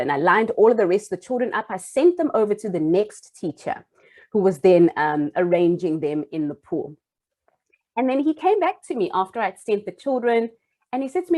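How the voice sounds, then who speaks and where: A woman's voice: mid-range voice, sing-song, moderate pace, dark tone. A young adult woman and former primary school teacher telling a personal story in an earnest, heartfelt way, with small restarts.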